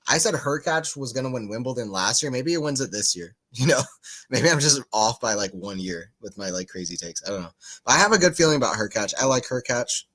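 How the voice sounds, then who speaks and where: A man's voice: mid-range voice, animated, brisk, a bit bright. A man giving casual live tennis commentary for a watchalong stream, just woken up, rambling into chatty asides between calls of the points. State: just woke up.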